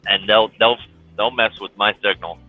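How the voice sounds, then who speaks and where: Male caller, lowish voice, easygoing, heard over a tinny phone-like line. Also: steady tone, normal speed, no room sound, faint music behind. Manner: agreeable, short replies. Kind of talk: casual chat. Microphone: online call.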